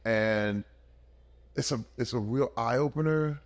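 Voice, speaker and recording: A man in his fifties, a podcast guest, telling stories in an emphatic, animated way in casual conversation. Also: mid-range voice, slow. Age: 50s.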